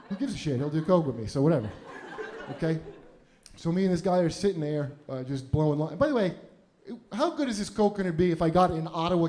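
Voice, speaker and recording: A male comedian spins a long, profane personal anecdote in a loose, rambling way, laughing often as he talks. His voice sits a little high for a man, yet the tone stays dark and mellow. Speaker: comedian and podcast host. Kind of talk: casual storytelling anecdote.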